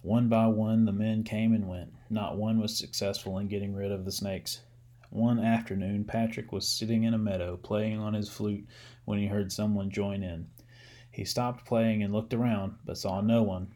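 A man reading a story aloud, measured and gently expressive. His voice sits low, and he moves through the story at an unhurried storyteller's pace.

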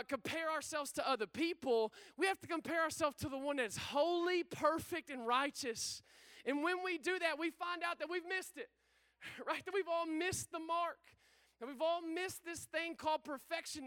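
A man with a very high, bright, forceful voice preaches a lively sermon. He talks in casual slang and keeps calling out questions for the room to answer back. The sound is close and dry. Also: no room sound. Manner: energetic, call-and-response with the congregation.

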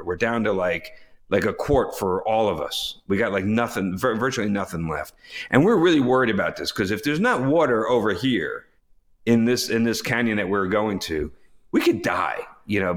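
A man in casual conversation, relaxed and measured as he tells his own expedition story, with frequent fillers. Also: medium pitch.

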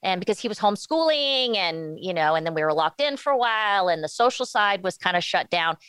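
A woman's voice: medium pitch, animated, a bit bright, clear, resonant tone, dry recording. Candid woman guest, dry close sound. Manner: candid, halting with many restarts. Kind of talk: casual interview talk.

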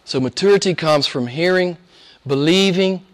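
A pastor preaching a sermon to his congregation, impassioned and repeating key phrases, swinging between soft and loud emphasis. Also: sits high, moderate pace.

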